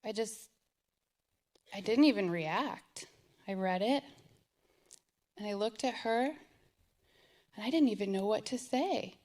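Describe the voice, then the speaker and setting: A woman's voice: medium pitch, lively intonation, takes it slowly, pauses often, darkish tone. A middle-aged woman giving an earnest, emotional personal testimony as a parent, often repeating herself. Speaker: parent telling her story.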